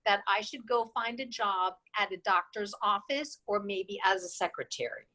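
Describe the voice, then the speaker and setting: A woman's voice: medium pitch, moderate pace, bright, forceful tone, poor audio. A woman in her sixties, a guest in an interview, who tells her stories with energy and acts out the dialogue she quotes. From New York State. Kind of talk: casual storytelling interview.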